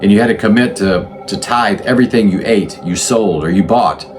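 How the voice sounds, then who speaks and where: A man's voice: fairly low pitch, normal speed, a little hiss or hum. A man hosting a history talk, explaining in a loose, unscripted way with frequent restarts and self-corrections. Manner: conversational, thinks aloud with restarts and self-corrections. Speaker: channel host explaining religious history.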